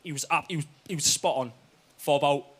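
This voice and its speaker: A young man with a Geordie accent performing stand-up comedy, telling a story with lively "right?" asides. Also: fairly high pitch, a little fast, a little hiss or hum. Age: young adult.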